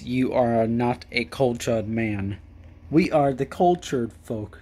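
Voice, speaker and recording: A young man reads etiquette rules aloud and mocks each one with crude, rambling sarcasm. His voice sits at an ordinary middle pitch. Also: slow, a little mellow, breathy edge. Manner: mocking, profane, rambling. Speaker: video host. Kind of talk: sarcastic reading and commentary.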